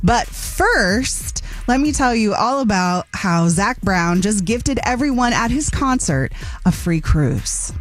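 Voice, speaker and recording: A woman's voice: mid-range voice, very animated, faint music behind. A woman presenting a chatty trending-news segment on morning radio. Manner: chatty, brisk. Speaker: radio co-host.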